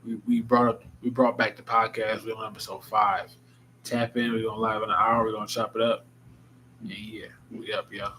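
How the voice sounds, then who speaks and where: A man's voice: on the low side, brisk, slight background noise, poor audio. A man talking casually and reflectively to his viewers, a little tired, addressing them as y'all. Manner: relaxed, musing, speaks to viewers as y'all. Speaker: vlogger. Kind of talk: casual reflective vlog talk.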